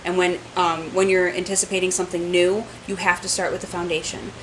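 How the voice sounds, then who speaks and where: A woman from New York with a New York accent, hosting a casual podcast chat, talkative and quick to laugh and play with words. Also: lowish voice, level tone, a little hiss or hum, low-quality recording. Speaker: podcast host.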